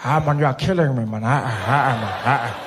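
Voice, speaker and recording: A man impersonating a frail elderly statesman with a South African accent, mumbling and groaning slowly. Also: medium pitch, background noise, pitched below the performer's own voice, lightly acted. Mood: weary. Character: frail elderly male statesman, dazed and slow-spoken.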